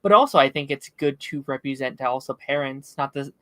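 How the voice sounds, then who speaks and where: Earnest guy on a podcast, bright tense voice, dry sound, says like a lot. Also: mid-range voice, fairly quick, dry recording. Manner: thoughtful, earnest, many likes. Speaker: podcast co-host. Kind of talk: casual chat.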